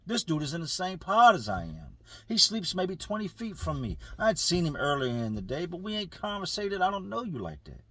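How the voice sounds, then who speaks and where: A man's voice: a little high, sing-song, a little fast, bright, forceful tone, slightly rough, no room sound. A man telling a prison story casually to viewers, using street slang and speaking to them directly.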